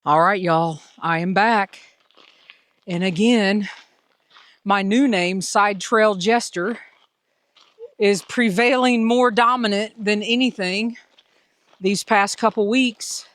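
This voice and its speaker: A woman's voice: medium pitch, slow, pauses often, fairly bright tone, no echo. A woman with a Southern US accent vlogging casually from a mountain summit, chatty and self-deprecating, filmed on a handheld phone. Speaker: hiker and vlogger. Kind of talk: casual trail vlog.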